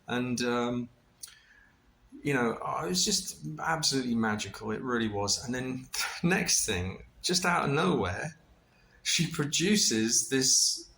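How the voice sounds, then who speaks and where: A middle-aged man casually recounting a personal experience, animated and full of restarts, with laughter and the odd swear. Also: medium pitch, slow pace, gravelly, a little hiss or hum. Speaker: vlogger recounting a ceremony experience.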